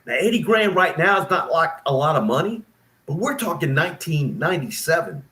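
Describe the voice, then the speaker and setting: A man's voice: a little high, very animated, brisk, sharp tone, reverberant. A man in his fifties, a former nurse, telling his story in an emphatic, aggrieved way. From East Texas. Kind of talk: casual spoken storytelling.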